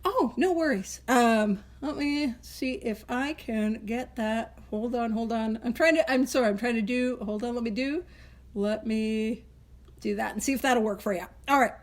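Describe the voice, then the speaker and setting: Woman, high voice, casual teaching talk, laughs a lot, wanders off on tangents. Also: normal speed. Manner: chatty, laughs often, goes off on tangents. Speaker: host leading a recovery book study.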